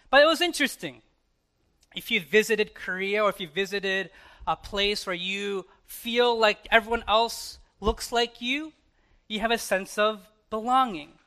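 A man in his thirties with an American accent, preaching a sermon in church in a conversational way, with dramatic pauses and soft asides. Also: high voice. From United States. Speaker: pastor.

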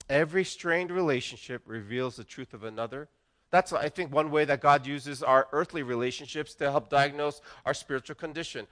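A man's voice: a little high, a bit bright. A middle-aged man preaching a sermon as pastor, earnest and conversational, often restarting his phrases.

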